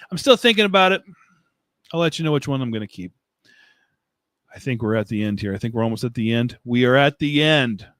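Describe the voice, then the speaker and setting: Man, live-stream host, mid pitch, dry close mic, loose self-mocking chatter with frequent laughs. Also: dry recording. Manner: rambling and self-mocking, laughs often, answers chat comments. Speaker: livestream host. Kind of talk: casual live-stream chat. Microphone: desk mic, streaming setup.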